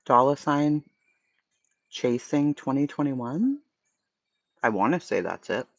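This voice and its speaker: A man's voice: mid-range voice, animated, slow, creaky, dry recording, muffled recording. Blunt man with a Boston accent. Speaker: livestream host. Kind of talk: casual livestream chat.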